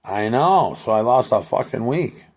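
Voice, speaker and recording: A man's voice: mid-range voice, expressive, a little slow, slightly rough. A man rambling in a profane monologue, talking back and forth with imagined voices. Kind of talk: rambling monologue voicing both sides of an imagined conversation.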